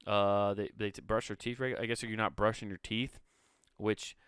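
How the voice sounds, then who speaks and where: Comedy podcast guy riffing on an article, swears a lot, dry close sound, smooth voice. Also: lowish voice, flat delivery, a little fast, a bit bright, no room sound. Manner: irreverent, profane asides. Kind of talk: comedic solo monologue reading an article.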